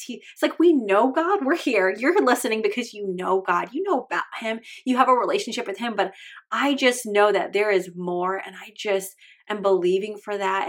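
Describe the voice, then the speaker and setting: A woman podcast host in her thirties talks about her faith in an earnest, heartfelt monologue. Her voice sits at a middle pitch, and she sounds close to tears as she speaks. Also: a bit bright. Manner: earnest, heartfelt, tearful at times.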